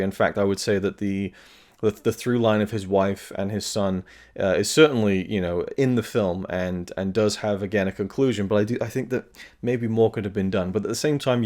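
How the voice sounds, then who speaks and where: A man's voice: on the low side, a little mellow. A man giving a casual, rambling spoken film review, earnest and full of fillers and restarts, now and then swearing.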